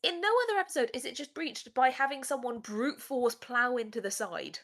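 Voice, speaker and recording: A woman's voice: high-pitched, brisk, fairly bright tone. A woman co-hosting a podcast, chatting animatedly in a casual review of a TV episode. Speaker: podcast co-host. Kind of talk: casual discursive review chat.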